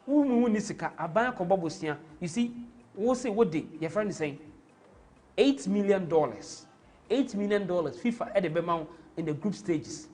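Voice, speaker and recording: A man's voice: sits high, lively intonation, fairly quick, darkish tone. Impassioned Ghanaian man with a raised voice. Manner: impassioned, rambling, switches into Twi. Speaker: host. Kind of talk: live stream football commentary and chat.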